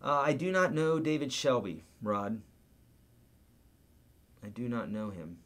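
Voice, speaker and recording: A man's voice: medium pitch, very animated, measured pace, fairly bright tone. A man hosting a live guitar Q&A, chatting casually, reading viewer comments aloud and counting out beats and picking patterns.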